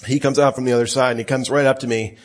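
A male pastor preaching a sermon, reading scripture aloud and telling stories in an animated way. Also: medium pitch, very fast. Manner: animated storytelling, quoting scripture.

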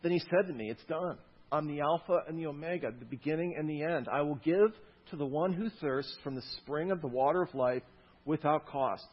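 A man preaching a sermon to his congregation, swinging from loud, stressed lines to soft, quiet asides. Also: on the high side, breathy edge, dull audio. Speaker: pastor.

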